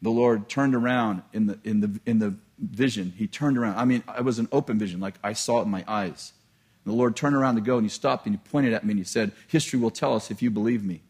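A male preacher telling a personal story in a sermon, animated and self-deprecating, often laughing at himself. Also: on the low side, fast, breathy edge.

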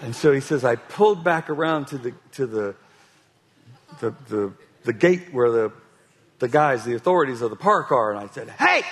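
A man preaching a sermon, with a husky voice, often restarting phrases and telling an animated story. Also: mid-range voice, moderate pace.

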